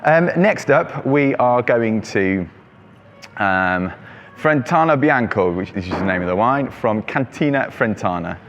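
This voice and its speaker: Low-voiced guy chatting about a wine pack, lots of ums, faint street noise behind. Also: animated, unhurried, lo-fi sound. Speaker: wine shop host presenting monthly selection. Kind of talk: casual product talk. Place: shop with traffic outside.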